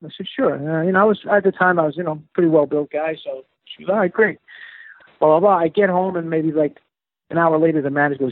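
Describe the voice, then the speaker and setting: Husky-voiced man telling a story, tinny phone sound. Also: fairly high pitch, fast, dry recording. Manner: animated, acts out quoted voices, many fillers. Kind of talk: casual storytelling interview. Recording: dry, phone-like narrow sound.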